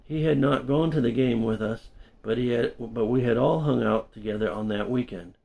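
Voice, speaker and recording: A middle-aged man reading his own memoir aloud in an unhurried, conversational way with small self-corrections. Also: medium pitch, creaky, a little mellow. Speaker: storyteller and English teacher.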